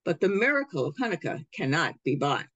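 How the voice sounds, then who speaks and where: A woman reading aloud as a gentle, wise peddler in a storybook, speaking in a measured way. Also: sits low, big pitch swings, dry recording, heavily acted. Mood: calm.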